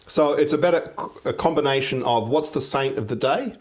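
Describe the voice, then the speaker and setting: A middle-aged man, talking casually as an interview guest, animated and quick to act out quoted voices and laugh. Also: mid-range voice.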